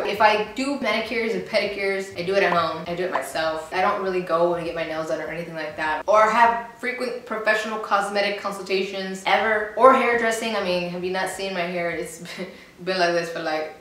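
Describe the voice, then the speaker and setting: A woman's voice: medium pitch, fairly bright tone. Chatty young woman in an echoey room. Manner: chatty, rambling and playful, laughing often. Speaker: vlogger. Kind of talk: casual vlog reading comments. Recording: very echoey room, faint noise.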